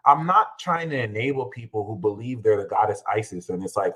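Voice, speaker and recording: An American man hosting an astrology livestream, talking in an emphatic, slangy way and breaking into loud, heated rants. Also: lowish voice, animated, a little fast, husky, rough recording. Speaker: astrologer and channel host. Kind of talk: animated livestream astrology talk.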